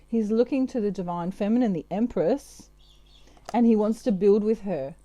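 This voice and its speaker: A woman's voice: mid-range voice, normal speed, warm tone, no room sound. A woman giving a casual, chatty tarot reading, full of fillers and asides. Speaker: tarot reader.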